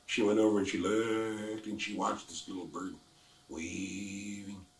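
An elderly man from the Lummi Nation telling a traditional story in simple, repetitive, unhurried phrasing. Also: fairly low pitch, flat delivery, a little hiss or hum. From Lummi Nation, Washington, US. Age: older. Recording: echoey room, distant mic.

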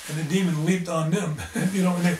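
Earnest preacher guy telling stories, highish voice, kinda far from the mic. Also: steady tone, fairly quick, darkish tone, a little hiss or hum. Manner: earnest, fervent testimony. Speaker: lay preacher. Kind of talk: storytelling in an interview. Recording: echoey room, distant mic, faint ambience.

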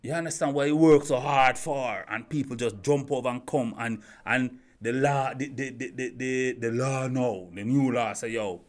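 A man's voice: medium pitch, normal speed, few pauses. A man giving an opinion monologue as a YouTube commentator, firing rhetorical questions, repeating himself and stumbling over restarts.

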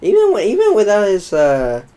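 A man's voice: high voice, wildly swooping pitch, fairly quick, dark tone, clear, resonant tone, poor audio. A young man casually chatting over gameplay as a let's play host, rambling and joking with viewers. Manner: rambling, playful, addresses viewers as folks.

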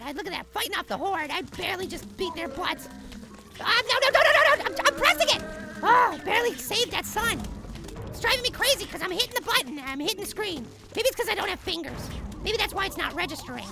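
A man voicing a tiny, excitable cartoon apple boy in frantic let's play commentary, yelling at the game. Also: vocal fry, full character voice. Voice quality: squeaky, sped-up high voice. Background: game music.

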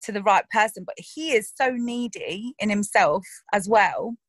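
Woman, mid-pitched, frank and chatty in an interview, laughs a lot; dry, close recording. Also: measured pace, dry recording. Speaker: actress interviewed about her roles. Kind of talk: casual interview chat.

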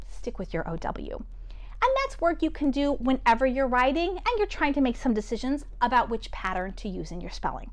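Lively American woman teaching kids. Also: high voice. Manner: encouraging, slow, sounding words out. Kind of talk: video lesson for children.

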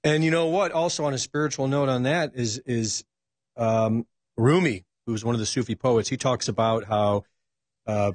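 A man speaking as a talk show guest, reflective and hesitant, with many ums and uhs. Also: medium pitch. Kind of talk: casual political talk.

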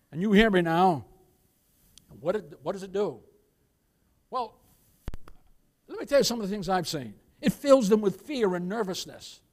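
A pastor preaching a church sermon, emphatic, firing rhetorical questions, calling for amens and addressing the congregation as beloved. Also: male voice, high voice. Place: church service.

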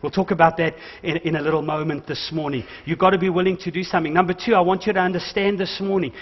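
A man delivers a sermon with urgent calls to his congregation and jokes in between. His voice sits high, and the sound is dull and muffled, with a long reverb that trails through the church hall. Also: fairly even intonation, fast talker. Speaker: pastor.

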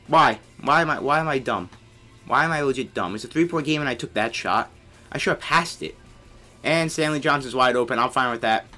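A young man giving casual commentary over his own basketball video game, excitable and grumbling at teammates. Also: mid-range voice, brisk, faint music behind. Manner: excitable, yelling on big plays, grumbling at teammates.

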